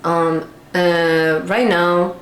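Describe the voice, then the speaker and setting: A woman's voice: fairly low pitch, fairly even intonation, drawn-out words. A woman talking candidly in a casual vlog monologue, animatedly acting out her own inner voice. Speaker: vlogger. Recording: echoey room with faint background hiss.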